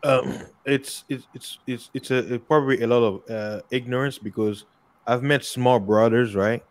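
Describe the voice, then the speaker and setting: A man with a Congolese accent talks in a relaxed, unscripted conversation. His voice sits at an ordinary middle pitch. He repeats words as he searches for the next thought. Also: normal speed. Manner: repeats words often and tells stories by acting out both sides of a dialogue. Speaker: guest in a podcast conversation. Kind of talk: casual discussion.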